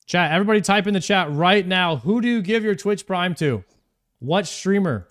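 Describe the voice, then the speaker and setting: A man's voice: high-pitched, animated, moderate pace, fairly bright tone. A man streaming a video game live, chatting casually and thanking viewers by name.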